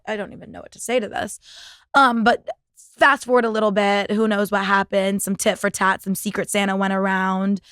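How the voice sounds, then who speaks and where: A woman's voice: medium pitch, fairly bright tone, dry recording. A young woman in her twenties chats through a story on her podcast. She swears freely and fills her talk with "like", and her voice is close and dry with no room sound. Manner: chatty, profane, full of "like" fillers. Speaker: podcast host. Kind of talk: casual storytelling monologue.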